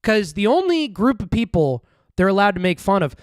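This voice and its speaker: Rambling profane streamer with a lively voice. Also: male voice, high-pitched, fairly quick, dry recording, studio quality. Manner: rambling, profane, jumps between topics. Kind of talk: casual livestream commentary.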